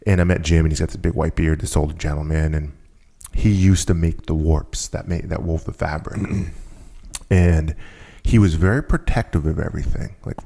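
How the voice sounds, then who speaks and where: Man, very deep voice, gravelly, podcast guest, animated storytelling, acts out quotes. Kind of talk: storytelling conversation.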